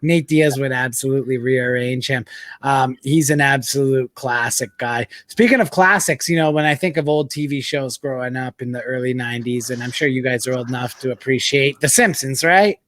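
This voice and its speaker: A man hosting a casual sports chat with friends, loud and profane, joking his way through the banter and reading an ad spot. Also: mid-range voice, normal speed, no echo. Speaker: podcast host.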